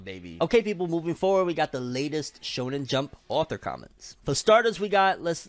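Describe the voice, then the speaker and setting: A young man hosting a casual anime and manga news vlog, animated and slangy with joking asides. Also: mid-range voice, dry recording.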